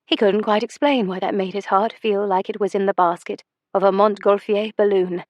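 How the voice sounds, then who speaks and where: A woman reads a romance novel aloud with measured, expressive storytelling. Her voice sits at a middle pitch for a woman. The recording is very dry and close, with no room sound. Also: dry recording, lo-fi sound. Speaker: audiobook narrator. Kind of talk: scripted romance narration.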